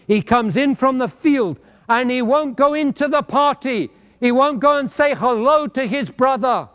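A male pastor from England preaching a sermon, swinging between loud emphatic declarations and quiet storytelling. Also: fairly high pitch.

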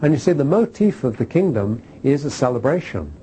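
A man teaching a Bible class, animated and repeating key phrases for emphasis, with filler "uh"s. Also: mid-range voice, fairly quick, slight background noise, rough recording. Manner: uses fillers like "uh".

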